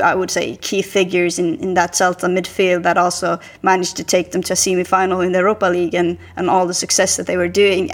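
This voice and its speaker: Flat-voiced woman, football pundit. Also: lowish voice. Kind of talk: casual football discussion.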